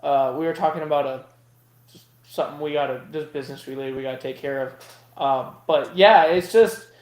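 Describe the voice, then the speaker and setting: A man's voice: fairly high pitch, fairly quick, darkish tone. A man chatting casually as a guest on a livestream, rambling with lots of fillers and restarts. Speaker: guest vending creator. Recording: echoey room sound.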